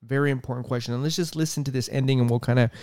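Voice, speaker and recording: A man's voice: medium pitch, steady tone, rapid-fire, darkish tone, dry recording. A man hosting a podcast, ranting with profanity and exasperation and repeating himself as he comments on a press briefing. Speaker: podcast host.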